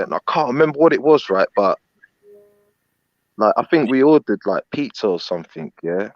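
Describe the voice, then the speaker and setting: A man's voice: mid-range voice, expressive, normal speed, dry recording, dull audio. A man telling a long, rambling story in casual chat, full of fillers and "innit".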